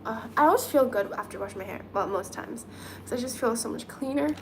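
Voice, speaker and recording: A chatty woman with a fairly high voice hosts a relaxed live stream. She giggles and thinks out loud while doing her nails, with a faint hum of room noise behind her. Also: fast talker. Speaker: livestream host reading chat. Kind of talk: casual live-stream chat.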